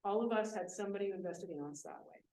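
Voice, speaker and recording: A woman speaking at a business event, telling a lively classroom story in a conversational way. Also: medium pitch, racing. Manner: animated, conversational, voices quoted students. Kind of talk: storytelling talk. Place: event room. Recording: echoey room from a distant mic with faint hiss.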